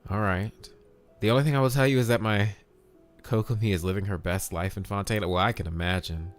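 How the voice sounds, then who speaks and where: Low-voiced man chatting on a game stream. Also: steady tone, a little fast, faint music behind. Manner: upbeat, greets chat viewers by name, swears casually. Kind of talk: casual live-stream chat.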